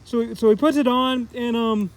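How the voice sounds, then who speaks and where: A man's voice: very high voice, fairly even intonation, normal speed, rough recording. A man giving a casual spoken comic book review, rambling with lots of fillers as he loosely paraphrases the characters.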